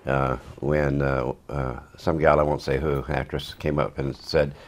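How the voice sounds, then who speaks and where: Extremely deep-voiced man telling wry anecdotes. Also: level tone, unhurried. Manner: wry, rambling, dry asides. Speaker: actor being interviewed. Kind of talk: casual anecdotal storytelling.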